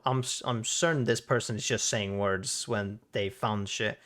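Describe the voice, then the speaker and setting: A man's voice: fairly low pitch, steady tone, normal speed, few pauses, a bit bright. A man streaming a game, casual commentary with cursing and joking asides. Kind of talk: casual let's play commentary.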